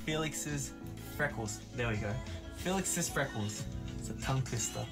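A man's voice: medium pitch, lively intonation, moderate pace, music in the background. A man chatting casually in a video clip, shy and giggly, stumbling over his words.

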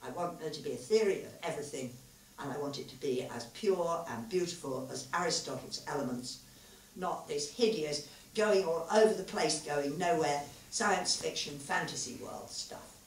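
A woman author reading her own literary story aloud at a live event, measured and expressive. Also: low voice, slight background noise. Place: literary festival venue, live audience. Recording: echoey hall, mic far off, faint ambience.

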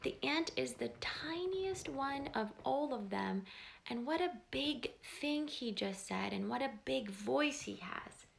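A woman slowly reading a picture book aloud to young children, pausing to ask them questions. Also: high voice, expressive, vocal fry. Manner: slow, gentle, asks the children questions. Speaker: storyteller host.

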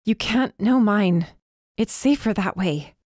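A woman's voice: medium pitch, animated, takes it slowly, no room sound, clean studio sound. A woman voicing a defiant young heroine. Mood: angry. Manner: emphatic, rising to shouts. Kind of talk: audiobook character voice.

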